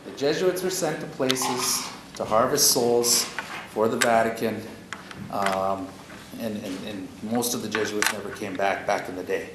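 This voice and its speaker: A man's voice: lowish voice, unhurried. A man from Canada leading a workshop, telling stories in a folksy, conversational way with a lot of "eh?" and "you know?". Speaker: workshop facilitator. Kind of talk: storytelling in a workshop talk. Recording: echoey room with audible noise.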